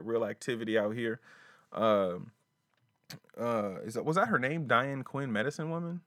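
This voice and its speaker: A man's voice: fairly low pitch, fairly bright tone, no echo. A man hosting a solo podcast from a small closet studio, talking casually in rambling, profane slang. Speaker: podcast host.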